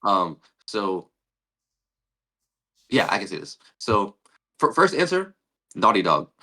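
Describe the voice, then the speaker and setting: A man guesting on a live-streamed podcast, telling a casual story in an animated way, acting out what people said and swearing freely. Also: fairly low pitch, takes it slowly. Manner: animated, retells scenes with quoted dialogue, swears casually. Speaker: podcast guest, game creator.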